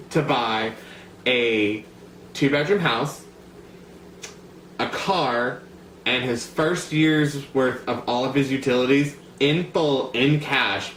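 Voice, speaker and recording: A young American man vlogs to camera, chatty and rambling, with plenty of fillers and asides. His voice is medium in pitch and fairly bright, recorded in an echoey room with faint background ambience and a little hiss or hum.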